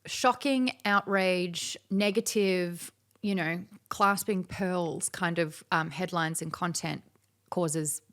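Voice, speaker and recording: A woman guest in an interview, chatting casually and telling stories with animated, acted-out quotes. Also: on the low side, slow. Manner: animated storyteller who acts out quoted dialogue.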